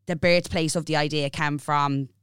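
A woman's voice: sits low, fairly even intonation, moderate pace, a bit bright, clean tone, no room sound, clean studio sound. A woman in her twenties with an Irish accent, co-hosting a casual podcast and telling a personal story frankly and with lots of animation, swearing freely. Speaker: podcast co-host.

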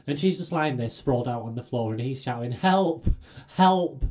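Brief: man, podcast co-host, mid-pitched, laid-back anecdotal delivery. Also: quick pace, a little mellow. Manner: easygoing, laughs through stories. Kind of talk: casual storytelling chat.

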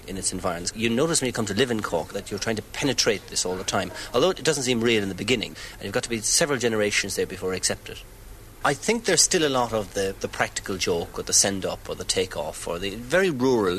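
A man's voice: fairly low pitch, a bit bright, slight background noise, rough recording. A man giving wry, anecdotal commentary in an interview. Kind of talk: reflective commentary.

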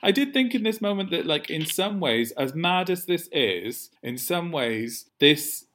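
A man co-hosting a podcast, recapping a TV episode in casual chat, animated and quick to laugh. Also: a little high. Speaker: podcast co-host.

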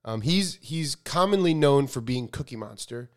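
Young man, podcast co-host, smooth clear voice, loose rambling chat with fillers. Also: medium pitch, expressive, normal speed. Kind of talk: casual chat.

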